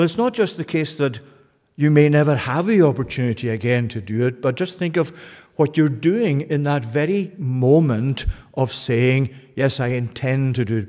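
A man's voice: mid-range voice, a little mellow. Earnest preacher man in a reverberant hall. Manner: earnest, urgent, pleading appeals. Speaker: pastor. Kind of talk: sermon.

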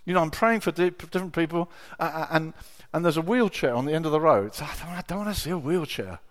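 A middle-aged man preaching a sermon, telling personal stories with emotion, dropping to a hush and then rising to loud exclamations. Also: a little high, animated, fast. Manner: emotional, swings from hushed storytelling to loud exclamation.

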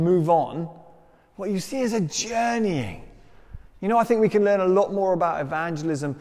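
Male preacher, fairly high voice, chatty self-deprecating sermon delivery, long hall echo. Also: a little mellow. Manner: conversational, self-deprecating storytelling.

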